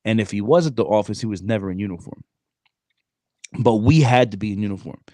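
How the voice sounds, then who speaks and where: A man in his thirties spins a story for his podcast in loose, slangy talk, calling his listener "bro" again and again. His voice sits low. The sound is close and dry, with no room around it. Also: quick pace, dry recording. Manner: animated, streetwise slang, frequent "bro". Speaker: podcast co-host. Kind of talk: casual storytelling chat.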